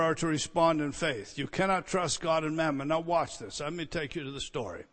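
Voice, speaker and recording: A man preaching a sermon, swinging between loud emphatic teaching and quiet storytelling. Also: on the high side, brisk. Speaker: pastor. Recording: long reverb hall.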